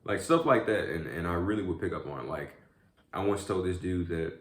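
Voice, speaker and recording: A man with a very deep, low voice chats casually as he eats, rambling through a story with lots of filler words. The room around him is echoey. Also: animated, fairly quick. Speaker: vlogger. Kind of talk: casual chat while eating.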